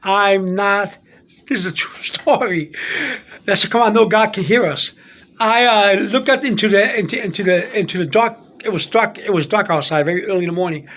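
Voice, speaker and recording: High-voiced man rambling through a testimony. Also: fairly bright tone. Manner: rambling, repeats himself; halting, many restarts. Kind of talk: personal faith testimony.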